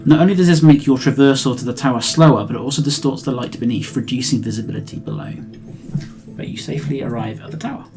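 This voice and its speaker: A game master narrating a tabletop game in steady, descriptive passages. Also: medium pitch, quick pace, music in the background.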